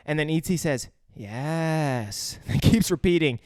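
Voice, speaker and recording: A man's voice: on the high side, a little slow, few pauses, clean tone, dry recording, studio quality. A young man co-hosting a podcast, recapping a movie in casual chat, swearing and acting out lines. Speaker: podcast co-host.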